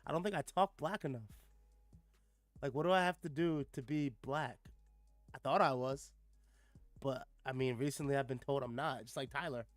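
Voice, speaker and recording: Sarcastic and profane, this man gives casual reaction commentary mixed with passages read aloud, peppering it with "like" and "bro." He speaks at medium pitch and normal speed with long pauses, and there's no echo.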